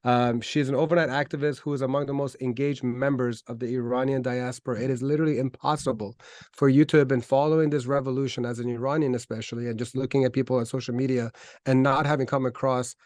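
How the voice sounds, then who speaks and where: A man's voice: medium pitch, steady tone, fast talker, darkish tone, no room sound. A man hosting an online talk show, speaking enthusiastically with frequent ums and restarts. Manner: enthusiastic, hesitant with fillers. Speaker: host.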